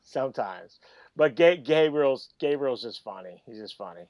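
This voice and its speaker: A man's voice: medium pitch, expressive, normal speed, darkish tone, no echo, lo-fi sound. A man guesting on a podcast, telling stories animatedly and laughing as he goes, close to the mic. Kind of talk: casual storytelling.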